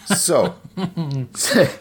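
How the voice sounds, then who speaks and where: A man co-hosting a podcast, chatting casually in a wry, rambling, self-mocking way. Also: very slow. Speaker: podcast co-host. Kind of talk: casual banter.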